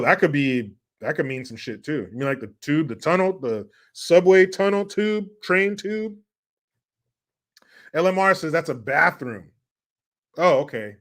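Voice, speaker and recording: Here the same kind of American live streamer has a higher, fairly bright voice. Reading out donations in casual chat, he rambles, cracks jokes, and swears without restraint.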